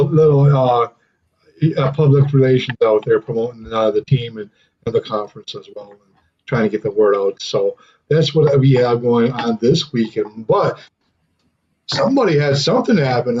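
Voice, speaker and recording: A man's voice: mid-range voice, moderate pace, darkish tone. Easygoing man with dull lo-fi sound. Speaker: podcast co-host. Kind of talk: casual chat.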